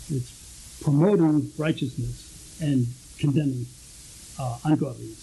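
Soft-toned male pastor teaching a sermon. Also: medium pitch, moderate pace, creaky, a little hiss or hum, low-quality recording. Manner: conversational teaching with frequent restarts.

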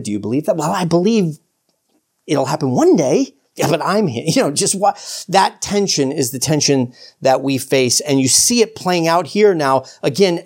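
Lively, chatty preacher. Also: mid-range voice. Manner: informal, chuckles often, frequent "you know"; acts out biblical dialogue in quoted voices. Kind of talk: conversational sermon.

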